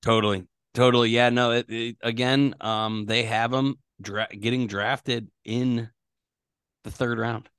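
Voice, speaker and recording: A man co-hosting a sports podcast, relaxed and agreeable, asking his partner questions. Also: mid-range voice, measured pace, clear, resonant tone, no room sound, clean studio sound. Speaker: podcast co-host. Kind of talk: casual sports chat.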